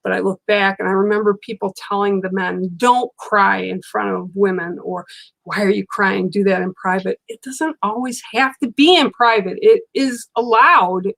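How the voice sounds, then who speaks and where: A woman's voice: medium pitch, fairly even intonation, moderate pace, vocal fry, a bit bright. An older woman hosting a casual livestream, chatting with viewers and reading cards in a chatty, reassuring way. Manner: chatty, reassuring, talks back to viewer comments. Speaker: livestream reader.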